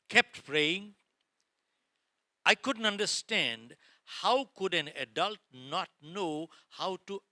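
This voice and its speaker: A middle-aged man speaks to a live audience in a bright, sharp voice with a wide, swinging pitch, telling his story with drama and playing every part himself. His voice sits a little high for a man. The sound is dry and close, with little room echo. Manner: dramatic, addresses audience as folks, acts out dialogue. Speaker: motivational speaker. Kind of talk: motivational keynote storytelling. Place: lecture hall before a live audience.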